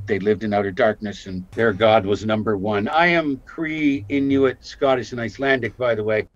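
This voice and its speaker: An older man from Canada, an actor telling lively stories about his career in a casual interview. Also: mid-range voice, no room sound, muffled recording. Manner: animated storyteller, acts out quotes. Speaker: guest actor.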